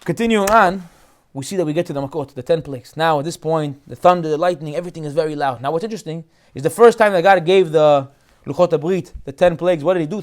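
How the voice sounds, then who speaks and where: A man a notably high-pitched voice gives a casual Torah class, speaking in an animated, jokey way. He slips in and out of little acted voices to make his points. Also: fast. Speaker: rabbi.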